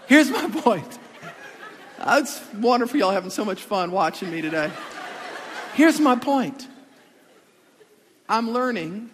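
Male pastor with a high voice preaching, animated and comic, recorded in a big reverberant church hall. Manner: animated storytelling with comic asides. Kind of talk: sermon.

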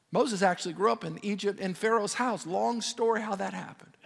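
A man preaching a sermon as a pastor, telling the story in an animated way and slipping in jokes. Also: very high-pitched, big-room sound.

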